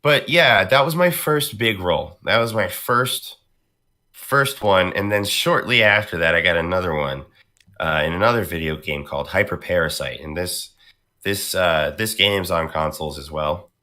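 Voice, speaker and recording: Deep-voiced man, bright and lively. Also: moderate pace. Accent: New York. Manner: animated storyteller, slips into character voices. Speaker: voice actor. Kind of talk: casual podcast chat.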